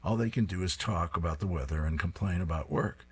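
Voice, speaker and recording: A man's voice: low-pitched, fairly quick, slightly rough. A man reading the lines of a self-serious office HR man in a matter-of-fact briefing tone.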